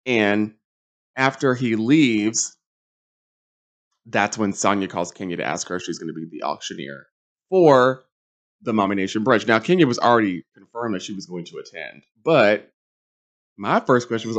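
A young adult man hosting a reality TV recap, talking in a sassy, campy, animated way with big swings in pitch. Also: normal speed, long pauses. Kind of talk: casual recap monologue.

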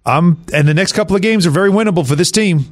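A man hosting sports radio, talking through a game with animated emphasis. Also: sits high, quick pace. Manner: animated, lots of fillers and restarts. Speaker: radio host.

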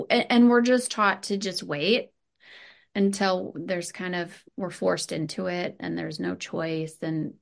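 A woman's voice: fairly low pitch, creaky. A woman in her thirties, a podcast guest talking earnestly and animatedly, with many restarts. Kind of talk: candid conversational interview.

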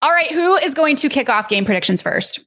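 A woman's voice: high voice, lively intonation, fairly quick, a bit bright. A woman hosting a sports podcast, leading the chat in an upbeat, optimistic way.

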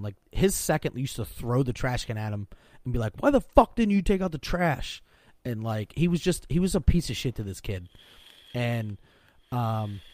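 A man's voice: mid-range voice, darkish tone, no room sound. A man in his thirties talks bluntly and profanely in casual podcast chat, restarting sentences as he goes. His voice sits in a middle register. It is recorded close and dry, with no room sound. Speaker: podcast co-host.

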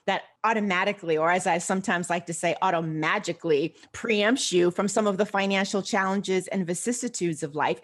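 An older woman speaks as an interview guest. She answers in measured, well-formed sentences at a fairly low pitch for a woman. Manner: articulate, measured storytelling. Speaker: guest, financial behaviorist.

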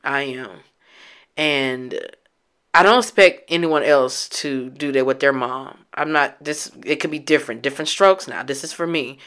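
A woman vlogger telling a personal story in a candid, emotional, reflective way, with halting restarts and casual swearing. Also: very deep voice, fairly bright tone.

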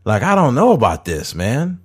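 A man's voice: mid-range voice, normal speed, breathy edge. A man co-hosting a podcast, chatting casually and joking, often slipping into put-on voices. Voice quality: animated, jokey, slips into put-on voices. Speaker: podcast co-host. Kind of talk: casual comedic chat.

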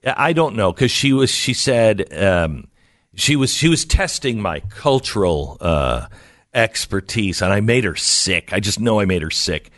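A middle-aged man hosting talk radio, spinning wry, self-mocking stories. His pitch swings widely as he talks. The sound is dry and close, with no room behind him. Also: lively intonation, unhurried, a bit bright, no room sound. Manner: storytelling, wry and self-mocking, laughs at own jokes. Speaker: radio talk show host. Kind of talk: casual talk radio chat.

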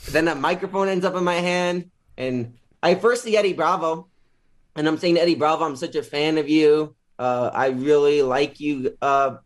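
A man being interviewed as a guest, casually retelling a story with lots of filler words and animated quotes. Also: on the high side, normal speed.

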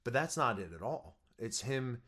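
A man's voice: mid-range voice, very animated, moderate pace, fairly bright tone. A young man, a stage actor, chatting as a guest in an eager, earnest way, with lots of fillers and restarts. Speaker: musical theater actor, guest. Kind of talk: casual interview chat.

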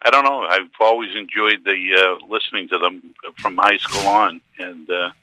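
An older man calling in to a radio show by phone, speaking haltingly. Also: sits low, steady tone, pushed and bright, dry recording. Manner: halting, hesitant. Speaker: caller. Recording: phone line call-in.

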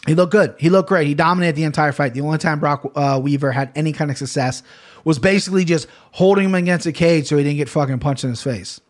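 A man with a fairly high pitch talks quickly while hosting a podcast. His casual chat is rambling and profane.

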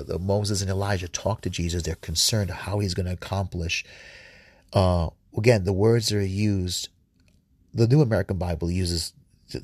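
A man's voice: low voice, a bit bright, breathy edge, no room sound, clean studio sound. A man giving informal scripture commentary, earnest, often repeating words and restarting sentences. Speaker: Bible study host.

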